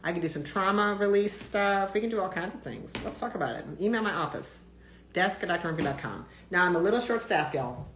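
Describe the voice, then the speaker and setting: A woman's voice: on the low side, animated, brisk, reverberant, slight background noise. A woman doctor ranting bluntly on a casual live stream, swearing freely and talking with lots of fillers and restarts.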